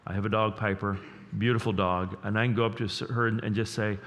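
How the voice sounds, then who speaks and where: A man preaching a sermon as pastor, earnest and emotional, dropping to a hush and then rising loud, repeating words as he builds up. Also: lowish voice, fast talker. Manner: earnest, emotional, swings between hushed and loud. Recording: long reverb of a large hall.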